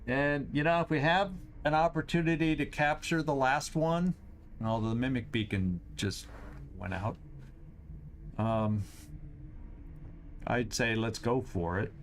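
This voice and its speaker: A man hosting a game stream, thinking aloud through his moves, tallying enemies and cheering loudly at big shots. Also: medium pitch, steady tone, unhurried, long pauses, a little hiss or hum. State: has the hiccups. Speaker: host. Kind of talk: gameplay commentary.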